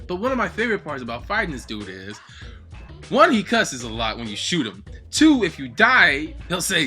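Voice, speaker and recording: A man hosting a gaming video, giving an excitable, heavily profane casual ranking commentary. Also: fairly high pitch, normal speed, faint music behind. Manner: acts out game lines in loud bursts.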